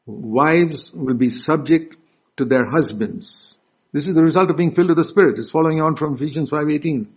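Emphatic husky male preacher, lo-fi. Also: mid-range voice. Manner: emphatic, swings between loud stresses and soft asides; direct, addresses the congregation with questions. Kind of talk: sermon. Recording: dull lo-fi recording.

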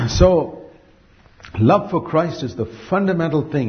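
A man preaching a sermon earnestly, asking rhetorical questions and slowing down to stress key phrases. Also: on the high side, expressive, highs cut off.

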